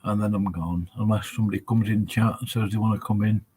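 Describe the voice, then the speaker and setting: A man's voice: on the low side, fairly even intonation, mellow, a little hiss or hum. A man hosting a casual livestream on his own, thinking aloud and rambling, with dry, dismissive asides. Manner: slow, rambling, thinks aloud with many pauses. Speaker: livestream host. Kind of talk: casual solo livestream chat.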